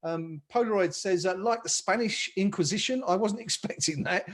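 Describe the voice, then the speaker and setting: A man's voice: sits high, moderate pace. Upbeat man hosting a live match stream. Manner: upbeat, reads out viewer comments. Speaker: podcast host.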